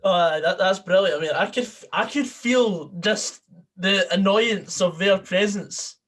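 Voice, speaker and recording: A man's voice: high voice, unhurried, fairly bright tone. A man hosting a podcast, chatting casually and encouraging his guest. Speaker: podcast host. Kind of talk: casual chat.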